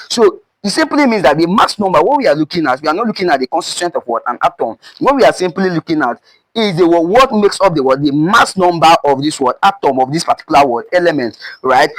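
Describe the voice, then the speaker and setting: A high-voiced man with a Nigerian English accent, teaching chemistry exam prep. He drills his listeners by ending phrases with "what?" and then supplying the answer himself. The sound is dry and close. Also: no room sound, low-quality recording. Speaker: chemistry tutor.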